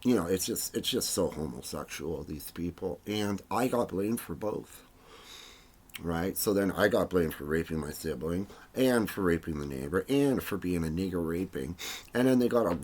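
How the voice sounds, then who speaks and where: A man giving a rambling, disjointed monologue, dropping to mumbles and then rising into loud, agitated bursts. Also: low-pitched, expressive, moderate pace, husky. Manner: rambling and disjointed, full of "you know" and "right?" tags.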